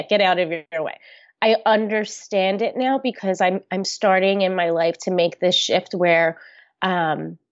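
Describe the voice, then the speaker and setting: A woman's voice: medium pitch, dry recording, dull audio. A woman guest in a candid interview, speaking openly and earnestly, with frequent restarts and fillers. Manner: open, earnest, talks with many restarts and fillers. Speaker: podcast guest.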